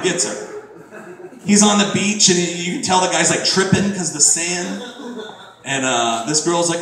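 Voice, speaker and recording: High-voiced man doing crude stand-up. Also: normal speed, distant mic. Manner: crude, jumps into shouted high-pitched impressions. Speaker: stand-up comedian. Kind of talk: stand-up comedy set. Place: comedy club stage. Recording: very echoey room from afar, faint noise.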